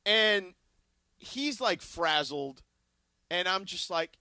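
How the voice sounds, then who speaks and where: A man co-hosting a sports talk radio show, telling a story in an animated way and acting out both sides of the conversation. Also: high voice, takes it slowly, clean tone, no room sound. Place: radio studio. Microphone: studio broadcast mic.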